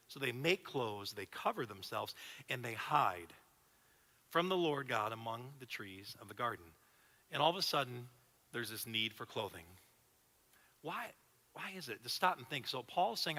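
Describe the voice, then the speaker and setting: Male pastor in his 30s, bright, slightly high voice, lively conversational sermon, long hall reverb. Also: normal speed, long pauses. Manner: animated, conversational preaching with repeated restarts. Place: church auditorium.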